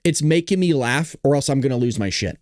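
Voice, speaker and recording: A man hosting a political commentary show, reacting to a clip with loud, profane, mocking rants. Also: medium pitch, expressive, a little fast, dry recording, studio quality.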